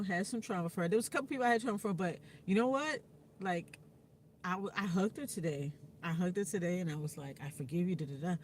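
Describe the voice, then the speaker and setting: A woman, talking frankly to her viewers with plenty of profanity and fillers. A faint low rumble sits behind her. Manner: candid, frank and profane, with frequent fillers and laughs. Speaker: vlogger. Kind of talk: casual personal vlog talk.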